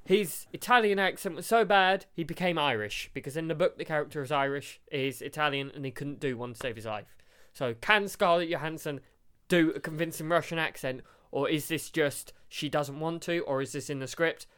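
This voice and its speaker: A man's voice: a little high, normal speed, fairly bright tone, clean tone. A man co-hosting a casual podcast chat, blunt and opinionated, with a lingering cough. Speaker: podcast co-host.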